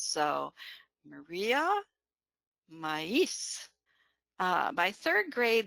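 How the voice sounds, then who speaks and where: This woman gives an online teaching session on bilingual education in a lowish, gravelly, sharp-toned voice with no room sound. She explains patiently, leaning on fillers and frequent "right?" check-ins.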